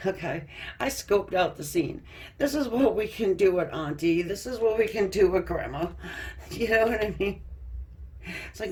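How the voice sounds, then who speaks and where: A woman's voice: fairly low pitch, normal speed. A woman giving a casual tarot card reading, chatty and loose, laughing often and restarting her sentences. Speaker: tarot reader.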